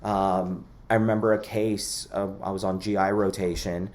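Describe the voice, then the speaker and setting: A man's voice: low voice, little pitch movement, normal speed, a little mellow. A man lecturing to a class in a conversational way, with lots of fillers and personal asides.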